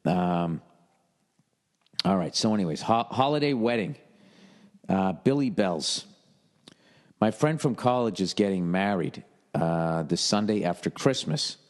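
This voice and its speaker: A man's voice: sits low, expressive, unhurried, long pauses, long reverb tail. A man in his forties hosting a comedy podcast, reading listener emails and answering them in a profane, rambling, jokey way. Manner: profane, rambling, jokey, lapses into mock yelling.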